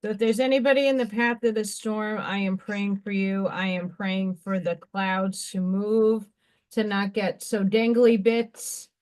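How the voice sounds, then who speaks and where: A woman hosting a craft livestream, chatting casually and excitedly while she works and talks to herself. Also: mid-range voice, unhurried. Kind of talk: casual live-stream chat while crafting.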